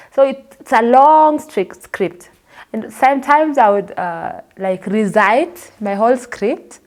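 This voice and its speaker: A woman's voice: fairly high pitch, slow pace. Kenyan woman telling her story. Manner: expressive, acts out the people she quotes. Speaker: interview guest. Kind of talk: personal storytelling.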